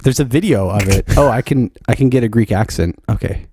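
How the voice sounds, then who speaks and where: A man's voice: medium pitch, fairly quick, background noise. An American man co-hosting a podcast, chatting casually with lots of nervous laughs and hesitations. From United States. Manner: giggly, hesitant, self-conscious. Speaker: podcast co-host.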